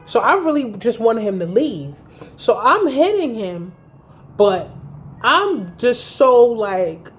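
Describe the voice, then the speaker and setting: A woman around thirty telling a story to camera in a vlog, blunt and animated, with heavy swearing. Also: on the high side, slow. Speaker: vlogger. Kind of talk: storytime vlog, recounting a fight.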